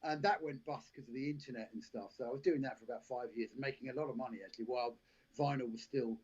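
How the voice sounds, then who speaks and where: A man's voice: mid-range voice, steady tone, fast talker, breathy edge. A man, an actor and podcast guest, telling long rambling anecdotes with restarts and laughs. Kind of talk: casual storytelling interview. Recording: lo-fi live stream audio.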